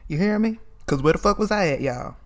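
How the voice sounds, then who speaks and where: Animated, profane storyteller man. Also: sits high, brisk. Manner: animated, profane, calls listeners girl and y'all. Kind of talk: comedic personal storytelling.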